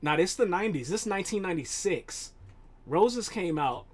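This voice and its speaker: High-voiced, profane, rambling male streamer. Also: normal speed. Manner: profane, animated, laughing, rambling to chat. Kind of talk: casual stream chat.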